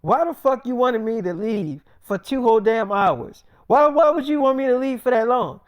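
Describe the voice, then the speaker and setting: A man voicing a jealous, angry young boyfriend who accuses and curses loudly. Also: extremely high pitch, lively intonation, moderate pace, clear, resonant tone, dry recording, clean studio sound, voice pushed up. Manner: accusing, cursing, loud.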